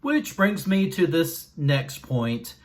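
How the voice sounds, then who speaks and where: A man with a thick Southern drawl talks straight to his viewers in a relaxed vlog. He is folksy and pokes fun at himself, and he speaks slowly and deliberately, as if to make sure he is understood. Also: fairly high pitch. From Southern United States. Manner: self-deprecating, folksy, slow and deliberate. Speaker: YouTuber. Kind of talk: casual vlog monologue.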